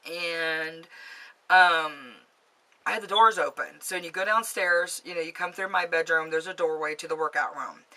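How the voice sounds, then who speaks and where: Recorded in her home basement, a woman tells a ghost story to camera in a fairly low, sharp voice at a moderate pace. The vlogger is chatty and rambling, and her telling is packed with fillers.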